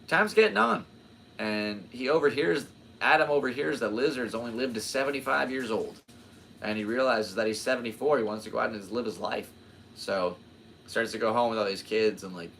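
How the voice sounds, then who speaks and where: In his twenties, this man hosts his own podcast, delivering a casual, jokey monologue that rambles off into tangents. His voice is lowish with a fairly bright tone, and there's slight background noise.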